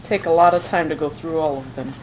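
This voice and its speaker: A woman's voice: low voice, steady tone, quick pace, a little mellow, a little hiss or hum, poor audio. A woman co-hosting a casual podcast, wry and teasing, laughing easily. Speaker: podcast co-host. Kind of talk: casual chat.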